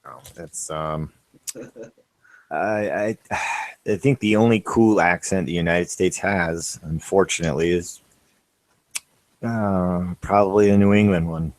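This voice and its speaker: A man's voice: deep voice, measured pace, long pauses, a little mellow. A man chatting casually and joking in a rambling, easygoing way. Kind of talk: casual banter.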